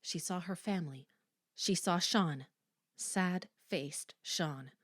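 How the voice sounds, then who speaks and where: Slow, low-voiced woman reading aloud. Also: no echo, clean studio sound. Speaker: audiobook reader. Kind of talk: audiobook narration.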